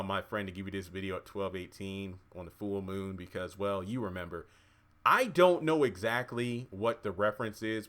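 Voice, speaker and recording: Male TV recapper, casual and excitable, lower-pitched voice, quick to exclaim. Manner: chatty, excitable, cheers and exclaims at scenes. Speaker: TV episode reviewer.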